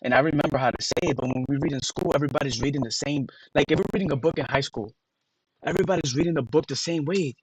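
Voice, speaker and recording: A man's voice: on the high side, quick pace, husky, no room sound, rough recording. A man on a casual livestream, rambling to his chat and sounding out words letter by letter with emphatic disbelief.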